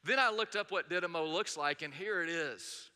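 A middle-aged man preaches with a high, ringing voice. He tells stories earnestly and hammers points home by repeating them. The sound carries a long reverb from a large church sanctuary. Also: normal speed, bright, forceful tone, clean tone. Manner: earnest, storytelling, emphatic repetition. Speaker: pastor. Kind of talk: sermon.

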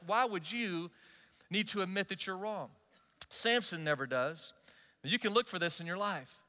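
A pastor in his forties preaches with a bright, forceful voice pitched high for a man. He talks to his listeners in an animated, conversational way and keeps asking them direct questions. The sound carries a long hall reverb from the church auditorium. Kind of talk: sermon.

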